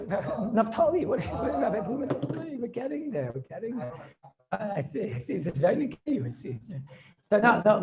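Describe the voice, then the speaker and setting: A man teaching as a rabbi in a loose, joking class over a video call. He talks at a brisk clip and keeps turning to his students with quick asides. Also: high-pitched, darkish tone.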